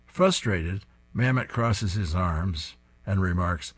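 A man's voice: lowish voice, big pitch swings, moderate pace, breathy edge, dry recording. A man hosting a program where he reads comic strips aloud, chuckling at the jokes. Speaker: host reading comic strips. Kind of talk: reading service narration.

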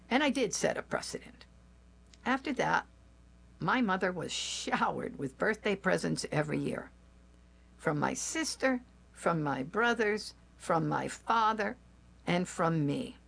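Slow, gravelly-voiced woman telling a story. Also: fairly low pitch, big pitch swings, a bit bright. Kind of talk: personal story told aloud.

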